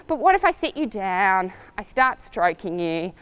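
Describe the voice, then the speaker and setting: A woman riding coach giving upbeat, lively advice to riders in a coaching video. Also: medium pitch, unhurried, slight background noise. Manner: lively and upbeat, acts out voices, laughs easily.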